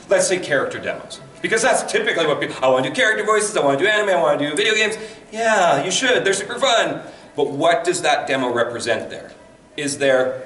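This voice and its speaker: Man with a deep voice, far off in an echoey room. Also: slight background noise. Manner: animated storytelling, acting out quotes. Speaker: voice actor guest. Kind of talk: conversational advice talk. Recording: echoey room, mic at a distance.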